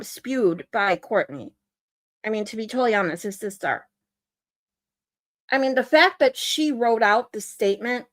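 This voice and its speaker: A woman's voice: on the high side, a bit bright. A woman hosting a casual livestream, ranting in exasperation while she reads and answers viewer comments. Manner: ranting, exasperated, reacting to chat. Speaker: livestream host.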